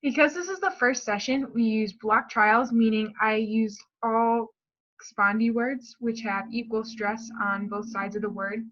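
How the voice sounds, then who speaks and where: A woman's voice: on the high side, measured pace, fairly bright tone. Woman going through her speech therapy lesson plan, reading off notes with little slips, kinda muffled lo-fi audio. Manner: reads a prepared script with restarts and fillers.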